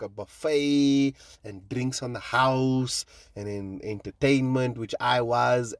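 Profane, excitable man rambling. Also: medium pitch, no room sound. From South Africa. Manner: profane, excitable, trails off with fillers. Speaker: comedian and podcast host. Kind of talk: casual rambling monologue.

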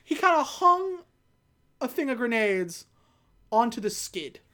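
A woman casually recapping a movie plot on a podcast, telling the story with lively energy and acting out the characters' lines. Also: a little high, measured pace. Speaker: podcast co-host recapping a film. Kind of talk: casual chat.

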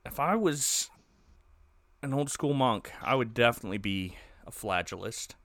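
A man co-hosting a casual comedy podcast, recapping a movie in an animated, joking way. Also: medium pitch, moderate pace, dry recording, studio quality. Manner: jokey, animated storytelling, puts on silly voices for characters.

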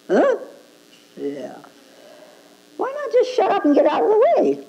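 A woman's voice: very high voice, huge pitch swings, measured pace, creaky, pauses often, mellow, poor audio. A woman Zen teacher giving a dharma talk, prodding her listeners with rhetorical "hmm?" questions and chuckling at her own points.

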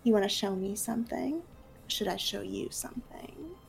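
A woman's voice: mid-range voice, lively intonation, moderate pace, faint music behind, poor audio. Karnilla, a woman whispering as a seductive demon lord. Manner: breathy whispered purr. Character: seductive female demon lord, teasing and hungry. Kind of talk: whispered role-play.

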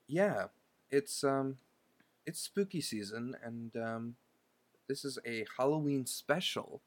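A man's voice: mid-range voice, expressive, takes it slowly, pauses often, no echo. A man co-hosting a folklore podcast in casual chat, playful, sometimes dropping into a spooky voice. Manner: playful, drops into a spooky intro voice. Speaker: podcast co-host.

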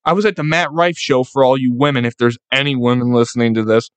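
A man's voice: medium pitch, steady tone, fast, smooth, no echo. Young new guy hyping up fans on his podcast, swears a lot, super fired up, dry close sound. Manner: fired-up, profane, rallying. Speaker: podcast host. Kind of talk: solo sports podcast pep talk.

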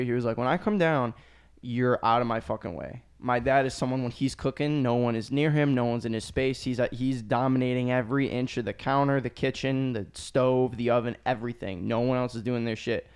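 A man's voice: mid-range voice, steady tone, brisk, few pauses, a little mellow, clear, resonant tone. A young man chatting casually on a podcast, telling loose, profane stories. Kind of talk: casual chat.

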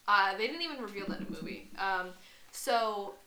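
Bright-voiced woman in an echoey room. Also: medium pitch, normal speed. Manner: animated storyteller, reads book passages aloud. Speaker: podcast co-host. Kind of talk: casual chat.

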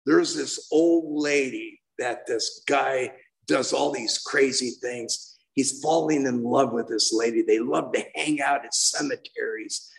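An older man in his sixties tells his recovery story to a meeting, heartfelt and meandering. His voice is gravelly, with a middling pitch, and he keeps restarting his sentences. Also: measured pace, low-quality recording. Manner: heartfelt, rambling, with many restarts. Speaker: main speaker at a recovery meeting. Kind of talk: personal recovery share.

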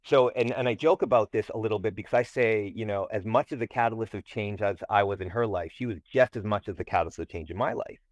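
A man with a fairly low voice tells a personal story as an interview guest. He is animated and emphatic and leans hard into key moments. The sound is close and dry, with no room around it. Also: fast talker, hardly any pauses, no echo. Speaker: guest, tutoring company president.

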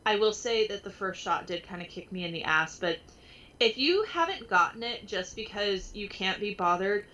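Young woman, podcast co-host, bright clear voice, rambling, laughs a lot, casual swearing. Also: mid-range voice, lively intonation, moderate pace, lo-fi sound.

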